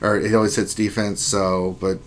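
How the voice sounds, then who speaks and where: A man's voice: on the low side, level tone, normal speed, slight background noise. Upbeat jokey man hosting a livestream. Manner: upbeat, jokey, reads chat names aloud. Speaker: gaming livestream host. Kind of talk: casual live-stream chat.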